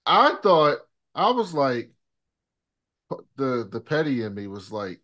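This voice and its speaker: A man's voice: medium pitch, very animated, slow, long pauses, fairly bright tone. Laid-back man retelling TV scenes. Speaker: podcast co-host. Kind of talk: casual chat recapping a TV episode.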